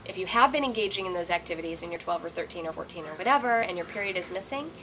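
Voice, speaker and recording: A woman's voice: fairly low pitch, expressive, rapid-fire, background noise. A middle-aged woman co-hosting an advice chat, explaining things in a reassuring, motherly way. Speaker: co-host giving advice.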